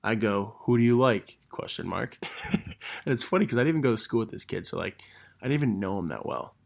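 A man's voice: fairly low pitch, big pitch swings, fast, vocal fry, breathy edge. A young man hosting a casual podcast, rambling and self-deprecating as he reads old messages aloud. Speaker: podcast host.

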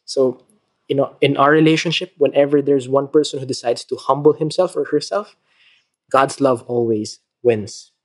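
Male preacher with a Filipino accent, gentle devotional talk and prayer. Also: medium pitch. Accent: Filipino English. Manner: animated storytelling, acts out quarrels. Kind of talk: devotional sermon.

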